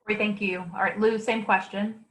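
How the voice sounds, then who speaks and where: A woman's voice: mid-range voice, level tone, moderate pace, a bit bright, rough recording. A woman moderating a candidate forum, posing questions carefully and encouraging the candidates.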